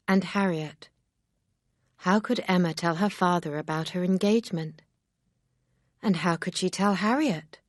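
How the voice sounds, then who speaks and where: A woman reading a classic novel aloud as an audiobook narrator, in a calm, even storytelling manner on a close microphone. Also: deep voice, no room sound.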